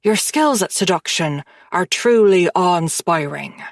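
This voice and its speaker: A woman voicing a cold, dangerous mafia man who speaks calmly and conversationally, with quiet menace in an audiobook. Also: on the low side, measured pace, gravelly, no echo, clean studio sound. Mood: menacing calm. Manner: calm, conversational, quietly threatening.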